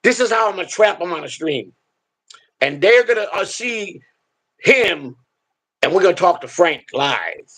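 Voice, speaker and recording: A man's voice: high-pitched, sing-song, a little slow, long pauses, a bit bright. A man hosting a live stream, telling stories in a rambling, blunt and profane way. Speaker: streamer and show host. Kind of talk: casual storytelling on a live stream.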